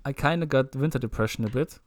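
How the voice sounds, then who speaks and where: Halting young man in casual chat. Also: medium pitch. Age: young adult. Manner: relaxed, halting with repeated words and "uh", dry jokes. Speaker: podcast co-host.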